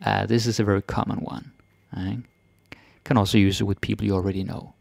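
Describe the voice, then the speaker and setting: Guy teaching a lesson, low gravelly voice, dry close sound, chill and chatty. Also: no room sound. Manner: relaxed, chatty, repeats phrases slowly then fast. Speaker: language teacher. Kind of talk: casual language lesson.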